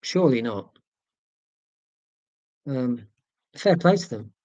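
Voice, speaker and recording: A man's voice: mid-range voice, lively intonation, slow, warm tone, dry recording. A man hosting a casual livestream from home, reading viewer comments in a chatty, rambling, self-deprecating way. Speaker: YouTube channel host.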